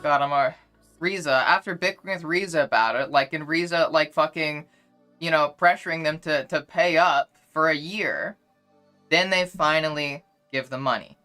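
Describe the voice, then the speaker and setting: A young woman streamer argues her point to chat in a casual livestream, repeating herself insistently. Her voice is bright and forceful. Faint music plays in the background. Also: low-pitched, moderate pace.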